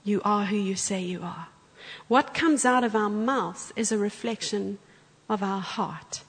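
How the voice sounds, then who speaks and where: Woman guest preacher, animated storyteller, husky and echoing in a church. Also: medium pitch, measured pace. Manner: animated storyteller, acts out quotes. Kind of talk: sermon with storytelling. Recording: church hall with long reverb.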